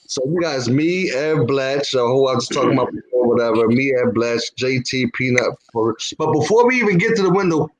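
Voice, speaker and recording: A man's voice: mid-range voice, a little fast, few pauses, rough recording. A man telling a long story in casual chat, full of swearing and stopping often on "whatever". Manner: profane, peppers speech with "whatever". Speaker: podcast co-host.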